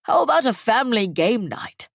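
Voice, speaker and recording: A woman's voice: fairly high pitch, sing-song, moderate pace, gravelly, no room sound, studio quality, pitched above the performer's own voice. A woman reading the part of a charming, self-important middle-aged father in an audiobook, with a goofy, puffed-up manner. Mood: playful. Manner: goofy, puffed-up and pleased with himself.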